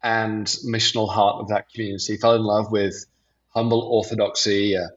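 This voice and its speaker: A man's voice: on the low side, little pitch movement, moderate pace, husky. A middle-aged man with an English accent, a pastor guesting on a podcast and telling self-deprecating stories in casual conversation. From England. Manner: self-deprecating, anecdotal storytelling. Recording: slightly dull lo-fi audio.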